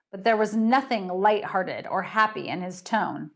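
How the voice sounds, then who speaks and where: A woman author chatting encouragingly, then reading her mystery story aloud with dramatic pauses. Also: medium pitch, expressive. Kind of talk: casual chat and storytelling read-aloud.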